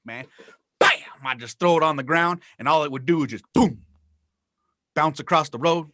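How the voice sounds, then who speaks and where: A male road comic riffs on a video call. His voice sits high, bright and ringing. It swings all over the place as he rants, curses and acts out the people in his stories. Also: fairly quick. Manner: profane, animated ranting with acted-out voices. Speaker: stand-up comic. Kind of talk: virtual comedy show banter.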